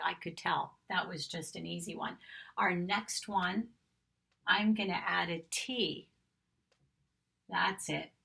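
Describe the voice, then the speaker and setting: A woman's voice: lowish voice, vocal fry, sharp tone, slightly rough. A woman teaching a phonics lesson to young children, patiently sounding out letters and vowel sounds and praising them often. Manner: encouraging praise directed at children. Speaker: kindergarten teacher.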